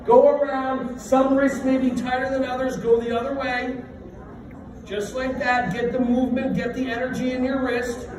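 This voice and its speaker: Brief: middle-aged male workshop presenter, high voice, playful and self-mocking, recorded from a distance in a very echoey room. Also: little pitch movement, normal speed, background noise. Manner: playful, jokey, self-deprecating. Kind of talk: leading a stretching workshop. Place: large room with a live group.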